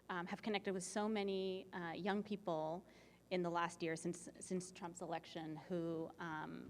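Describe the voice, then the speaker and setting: A woman moderating an onstage conversation, speaking haltingly with many fillers. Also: lowish voice. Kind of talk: onstage interview. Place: large event hall. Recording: reverberant hall with faint noise.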